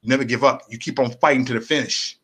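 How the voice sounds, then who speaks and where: A man's voice: mid-range voice, steady tone, fast, a bit bright, breathy edge. A man hosting a casual political livestream, speaking in a repetitive, preachy, rallying way and answering viewers' comments.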